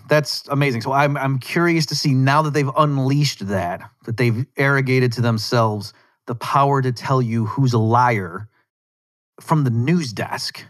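Guy ranting on his podcast, sarcastic, rambles and restarts a lot, mid-pitch voice. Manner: sarcastic, rambling, self-interrupting. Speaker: podcast host. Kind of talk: casual monologue rant.

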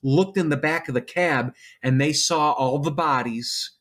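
A man's voice: fairly high pitch, measured pace. A middle-aged man, a former special effects artist, telling a wild story in casual chat, swearing and acting out the voices of the people in it. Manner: animated, swearing, acts out voices in anecdotes.

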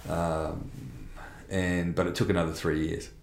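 Man, middle-aged, candid rambling testimony, low voice, echoey room. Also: level tone, measured pace, creaky, slight background noise. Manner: candid, blunt storytelling with restarts and mild swearing. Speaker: interview guest. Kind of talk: personal faith testimony in conversation.

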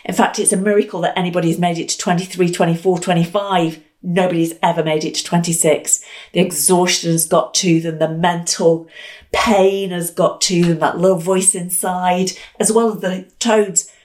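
A woman hosting a storytelling podcast, telling an animated tale with dramatic repetition and acted-out quotes. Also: lowish voice, normal speed.

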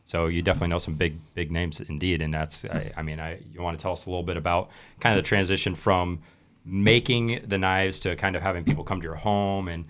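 A man's voice: low voice, fairly even intonation, fast talker, a bit bright, a little hiss or hum. A man co-hosting a podcast, asking meandering questions with many fillers in casual chat. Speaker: podcast co-host.

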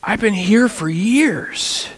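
A man voicing a hopeless paralyzed man in a sermon retelling, with a high, strained, pleading voice. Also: lively intonation, takes it slowly, breathy edge, heavily acted. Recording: church hall with long reverb.

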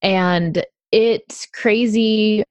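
A woman talking casually about her tapping practice, chatty with lots of fillers and quick laughs. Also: mid-range voice, steady tone, no echo. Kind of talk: casual podcast conversation.

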